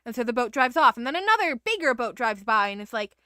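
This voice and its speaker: A woman giving casual, animated gameplay commentary, blunt and swearing when upset. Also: on the high side, fast, few pauses, no echo, clean studio sound. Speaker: streamer playing a video game.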